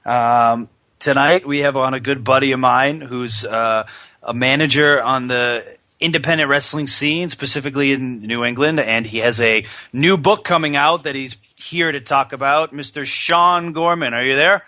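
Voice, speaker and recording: Bright-voiced male podcast host. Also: medium pitch, normal speed, no room sound. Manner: storytelling, relaxed, chuckling. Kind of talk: casual chat.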